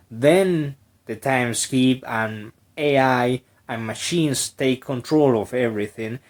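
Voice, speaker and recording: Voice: medium pitch, a little mellow. A video commentator with a strained throat, giving rambling, sarcastic commentary full of mock-dramatic asides.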